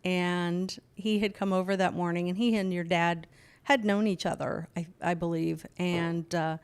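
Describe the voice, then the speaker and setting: Older mom, slow, laughing storyteller for a casual podcast chat. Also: female voice, fairly low pitch, fairly even intonation, clear, resonant tone. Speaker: podcast guest, host's mother.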